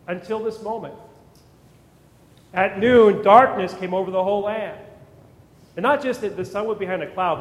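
A man preaching a sermon as pastor, with emphatic rises and words repeated as he builds up. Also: high voice. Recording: echoey hall with long reverb.

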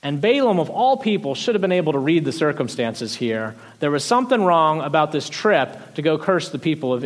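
Animated male preacher retelling a story. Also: on the high side. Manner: animated storytelling, frequent restarts, soft trailing endings. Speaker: pastor. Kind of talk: sermon retelling a Bible story.

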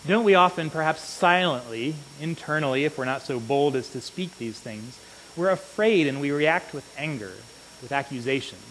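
A man preaching a sermon in an earnest manner, often checking in with the congregation with a quick "right?". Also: on the high side, expressive, fairly bright tone. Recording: long reverb with faint hiss.

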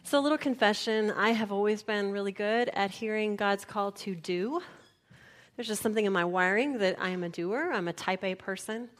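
A woman pastor, preaching a personal, confessional sermon and dropping to a near whisper at tender moments. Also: medium pitch.

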